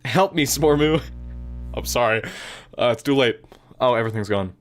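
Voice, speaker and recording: Man reading young female club president, sweet, possessive, gentle, self-conscious, plain read-aloud dialogue. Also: medium pitch, moderate pace, natural voice. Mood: anguished.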